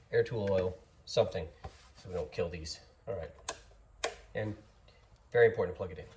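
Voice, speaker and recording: Low-voiced man in a noisy garage. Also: darkish tone. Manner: chatty and easygoing, jokes at his own mistakes. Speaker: DIY garage host. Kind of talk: casual workshop how-to narration. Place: home garage workshop. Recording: noisy workshop audio.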